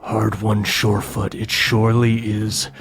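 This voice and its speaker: A man's voice: lowish voice, little pitch movement, a little slow, a bit bright, faint music behind. A man doing a sneering, mocking dragon. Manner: sneering, taunting. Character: scornful male dragon, proud and mocking.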